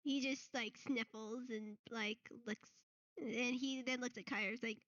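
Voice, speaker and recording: A woman narrating as game master of a tabletop game, with halting, hesitant phrasing. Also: fairly high pitch, steady tone, a bit bright, no echo. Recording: dull lo-fi mic.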